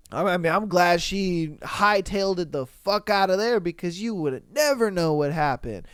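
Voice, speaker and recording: High-voiced animated man reacting. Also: moderate pace, hardly any pauses, smooth, no room sound, clean studio sound. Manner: animated, profane, incredulous reactions. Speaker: podcast host. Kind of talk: casual commentary reading stories.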